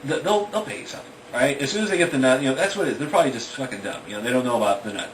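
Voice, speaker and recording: A man putting on a whiny, pushy village boy with a high, nagging voice. He pleads and badgers as if retelling a storybook scene aloud. The voice sits back from the mic in an echoey room, with noise behind. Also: very fast, recorded from a distance, lightly acted. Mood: pleading.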